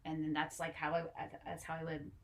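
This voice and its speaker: A woman who teaches English, co-hosting a podcast in a relaxed chat, often laughing and chiming in. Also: sits low, fairly quick. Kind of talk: casual chat.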